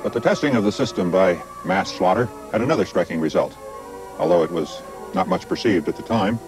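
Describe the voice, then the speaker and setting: An older man presenting a documentary in measured, scripted narration with dry, wry asides. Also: sits low, expressive, over music, low-quality recording.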